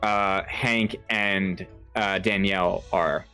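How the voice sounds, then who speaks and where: A man running a tabletop horror game as game master, talking in a halting way with lots of fillers and restarts. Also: deep voice, steady tone, pushed and bright, clean tone, faint music behind.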